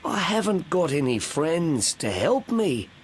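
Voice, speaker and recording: A man's voice: on the high side, sing-song, a little hiss or hum, pitched above the performer's own voice. A man reading as an old blind wombat. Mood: sad. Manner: slow, clear storybook reading.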